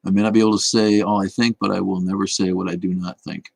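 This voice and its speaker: A man hosting a casual livestream, answering viewer comments bluntly with plenty of swearing. His voice sits low and sounds husky. The recording is dry and close. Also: little pitch movement, quick pace, a little mellow, no room sound. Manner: rambling, blunt and profane. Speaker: show host.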